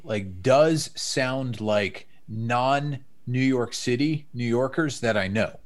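A man's voice: mid-range voice, slow. A man with a Pennsylvania American accent co-hosting a podcast in casual chat, hesitant with frequent restarts. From Pennsylvania, USA. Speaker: podcast co-host.

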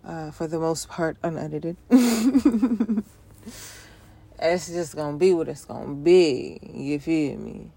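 A woman hosting her own solo podcast, talking to the listener in a relaxed, reflective way with playful asides and frequent laughter. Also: low voice, moderate pace, creaky, hardly any pauses. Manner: playful, laughs often, talks to listener directly; casual speech with repeated phrases. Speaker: podcast host.

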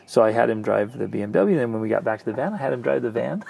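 A middle-aged man, co-host of a parenting talk show, telling a personal story in a casual, animated way, acting out his own past thoughts. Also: mid-range voice, fast talker, gravelly, slight background noise. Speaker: podcast co-host.

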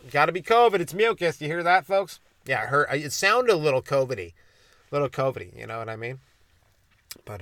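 A man who is a stand-up comedian, hosting his podcast in a rambling comedic monologue, stumbling over his words and mocking his own dark jokes. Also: mid-range voice, dry recording. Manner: self-deprecating, stumbling and restarting, dark jokes.

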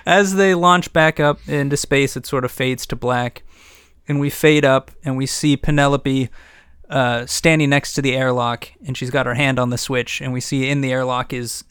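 A man co-hosting a comedy podcast improvises, narrating an invented film scene by scene and laughing easily. His voice is medium-pitched, steady, fairly bright, clear, and resonant, at normal speed. The recording is dry and has clean studio sound.

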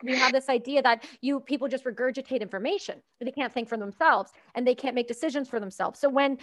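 A woman's voice: high-pitched, fast, dry recording. Blunt emphatic woman podcaster. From Canada. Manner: emphatic, blunt, swears freely. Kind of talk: casual podcast conversation.

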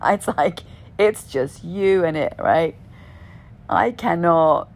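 A woman's voice: sits low, takes it slowly, vocal fry, pauses often, darkish tone. A woman telling a personal story in a casual way. She often asks "right?", swears now and then, and sometimes drops to a whisper at the end of a phrase.

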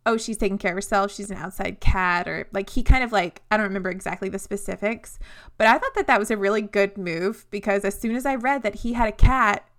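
A young woman with a mid-range, gravelly voice talks books as a podcast co-host. She is upbeat and chatty and laughs easily. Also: medium pitch, a little fast, a bit bright. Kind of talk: casual book discussion.

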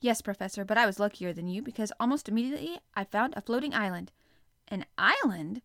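A woman's voice: medium pitch, expressive, fast talker, fairly bright tone, dry recording, studio quality. Woman reading a blunt, stubborn harpooner. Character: bold adult male harpooner, blunt and determined.

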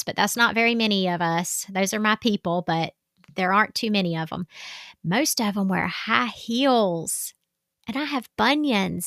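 Gravelly Southern woman, candid coaching chat. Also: medium pitch, fairly bright tone, no echo, clean studio sound. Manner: candid, chatty, self-deprecating, with many fillers. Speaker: life coach. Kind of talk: casual talk to camera.

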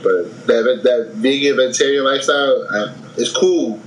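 A man's voice: mid-range voice, normal speed. Philly-accented man, blunt, profane, roomy echo. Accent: Philadelphia. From Philadelphia. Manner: blunt, profane, animated arguing. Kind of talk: casual chat. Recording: echoey room with faint noise.

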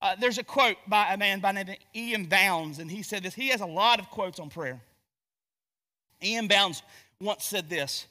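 A man's voice: high voice, moderate pace, pushed and bright, in a large hall. A pastor from North Carolina with a Southern accent, preaching a sermon in a conversational, joking way, often restarting his sentences. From Gastonia, North Carolina. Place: church sanctuary.

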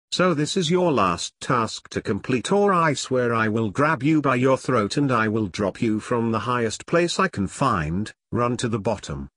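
A man's voice: medium pitch, husky, no room sound, studio quality, heavily acted. Rusty bullying demon henchman, as a man reads him. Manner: yelling threats.

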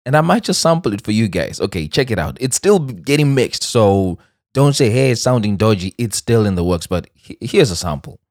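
A man's voice: on the low side, big pitch swings, normal speed, a little mellow, dry recording. A man hosting a podcast, thanking supporters in an enthusiastic, casual way. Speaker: podcast host. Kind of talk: casual podcast host read.

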